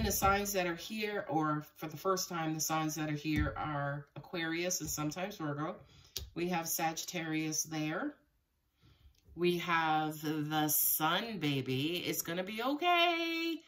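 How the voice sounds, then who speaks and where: A woman's voice: fairly low pitch, lively intonation, measured pace, fairly bright tone, distant mic. Chatty, cursing woman reading tarot. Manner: casual and profane, laughs often, talks straight to viewers. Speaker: tarot reader. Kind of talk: live tarot reading to camera.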